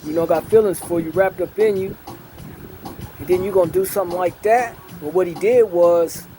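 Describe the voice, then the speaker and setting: Middle-aged man telling a long story in a slow, filler-heavy drawl, voice sitting a little high, music under him. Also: warm tone, poor audio. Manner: unhurried storyteller with a drawl, many fillers and repetitions. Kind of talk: casual storytelling. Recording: music playing in the background.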